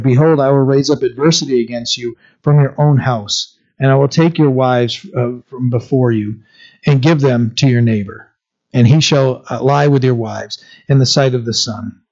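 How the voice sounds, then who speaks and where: A man preaching a sermon, moving between reading scripture and telling the story in plain, conversational words. He stops for fillers and restarts often. His medium-pitched voice comes through a slightly dull, lo-fi recording. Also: steady tone, normal speed, a little mellow. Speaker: pastor.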